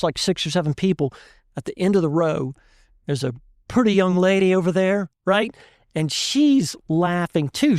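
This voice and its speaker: A man, a chef and guest, telling an animated story in casual chat and laughing often. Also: sits high, no echo, clean studio sound. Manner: animated, laughs often, tells stories with voices.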